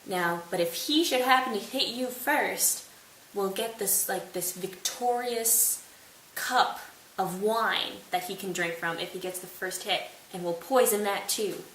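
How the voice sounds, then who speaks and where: A woman's voice: medium pitch, measured pace, fairly bright tone, lightly acted. Woman playing a breezy plotting king, light retelling voice, faint hiss. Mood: scheming. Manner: casual, offhand, conspiratorial. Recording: roomy, distant mic, faint hiss.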